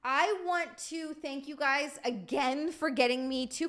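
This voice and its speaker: A woman hosting a livestream, rambling warmly through thank-yous, tired from lack of sleep. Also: sits high, measured pace. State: sleep-deprived. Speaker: livestream host. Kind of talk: casual stream sign-off chat.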